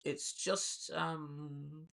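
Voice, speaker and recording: A man imitating a halting, musing male author. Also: on the high side, steady tone, gravelly, fairly bright tone, distant mic, pitched above the performer's own voice, exaggerated voice. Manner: halting, trailing off, searching for words. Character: hesitant, musing middle-aged male author impression. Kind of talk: livestream impression.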